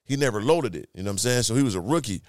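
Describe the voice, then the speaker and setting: Podcast guest, male, rapid storyteller, dry close sound, full of sound effects. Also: mid-range voice, animated, darkish tone, no echo. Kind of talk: casual storytelling.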